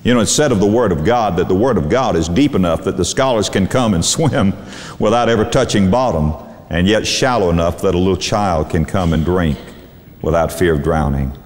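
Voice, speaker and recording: A middle-aged man, a pastor, preaching a sermon with emphatic, preacherly delivery and dramatic slowdowns on key words. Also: low-pitched, darkish tone. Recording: long hall reverb.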